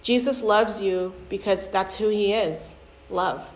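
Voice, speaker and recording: A young adult woman shares a candid, conversational personal testimony, using lots of fillers. She speaks slowly at a medium pitch with fairly even intonation, in an echoey room with faint ambient noise.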